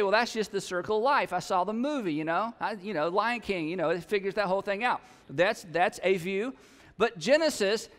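A middle-aged male pastor preaching a sermon in a conversational, animated way, often mimicking his listeners. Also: high voice. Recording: long reverb of a large hall.

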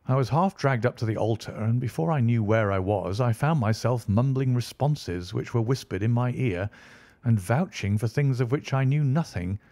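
A man narrating an audiobook in a measured storytelling delivery. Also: mid-range voice, darkish tone, dry recording.

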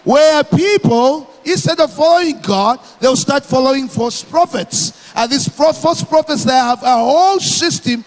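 Male pastor from Malawi, very high voice, slow emphatic sermon delivery, big church reverb. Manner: emphatic, repeats phrases, slow deliberate preaching.

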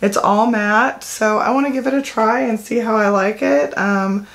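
A woman's voice: a little high, normal speed, vocal fry, fairly bright tone, slight background noise. Chatty woman reviewing makeup. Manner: chatty, rambling, with fillers and self-corrections. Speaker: beauty vlogger. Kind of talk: casual product talk to camera.

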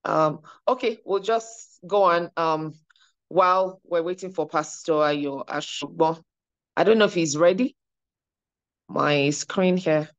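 A woman's voice: lowish voice, slow pace. A woman hosting an online church service, cheerfully calling on each speaker in turn. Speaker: service host. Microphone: video call. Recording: dull, lo-fi call audio.

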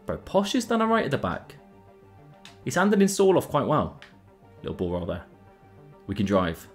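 A young man commentating his own football video game matches in a casual, excitable way, his voice jumping up at big chances. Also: mid-range voice, normal speed, faint music behind. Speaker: gaming YouTuber. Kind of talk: gameplay commentary.

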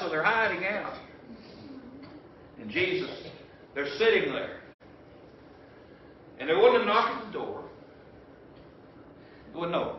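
Texan male pastor, folksy sermon with shouted bursts, echoey church from a distance. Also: high voice, animated, normal speed, pauses often, slight background noise. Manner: folksy storytelling with sudden shouted outbursts. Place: church sanctuary. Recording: echoey church from far off, dull.

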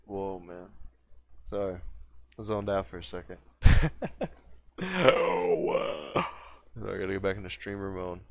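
Creaky-voiced man rambling on stream. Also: sits low, a little slow, long pauses, darkish tone. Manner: rambling, scattered, trails off mid-thought. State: high after smoking. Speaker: game streamer. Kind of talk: casual rambling stream chat.

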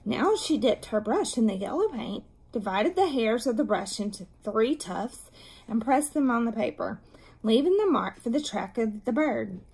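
A woman reading a children's chapter book aloud with expressive, animated narration. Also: a little high, moderate pace, creaky, breathy edge, poor audio.

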